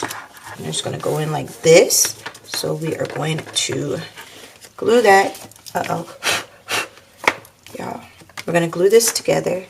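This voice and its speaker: Slow gravelly woman chatting through a craft. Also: lowish voice, background noise. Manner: chatty, thinks aloud, addresses viewers as y'all. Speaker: crafting channel host. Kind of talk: casual craft tutorial talk.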